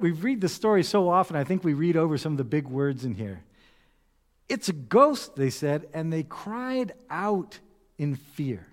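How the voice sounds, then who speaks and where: A man preaches a sermon in a fairly high voice that swings widely in pitch as he tells the story. He acts out the voices of frightened people and reads scripture aloud. His voice carries a long reverb, as if heard in a large hall. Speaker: pastor.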